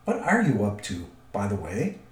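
A man voicing a gruff, blunt, impatient big man who growls his words, in a roomy recording. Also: lowish voice, wildly swooping pitch, moderate pace, voice pushed down. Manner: growling, curt. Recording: roomy echo.

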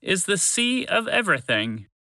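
A man's voice: high-pitched, very animated, normal speed, creaky, sharp tone, dry recording, voice pushed up, heavily acted. A man voicing a proud, careful orange male dragon in a children's story, earnest and bossy when alarmed.

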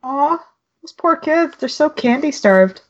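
A woman's voice: high-pitched, animated, measured pace, muffled recording. A woman in her thirties co-hosting a podcast in casual chat, sarcastic and profane, laughing often. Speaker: podcast co-host.

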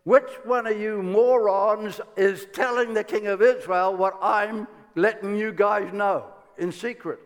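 A man's voice: high-pitched, steady tone, fast talker, few pauses, lightly acted. Man voicing an exasperated king in a reverberant hall. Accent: Irish. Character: furious ancient male king scheming raids.

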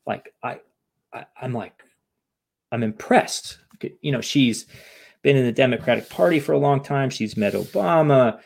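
This man's voice is mid-range and creaky, moving at a moderate pace while he tells a long, casual story. He animatedly imitates what others said and keeps adding fillers and "right?" tag questions.

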